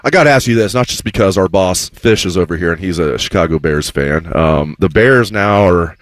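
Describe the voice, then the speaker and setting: A man with a lower voice that swings widely in pitch, chatting as a sports talk show co-host. He is opinionated and teasing. The sound is close and dry. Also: normal speed, no room sound. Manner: opinionated, lively ribbing. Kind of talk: casual chat.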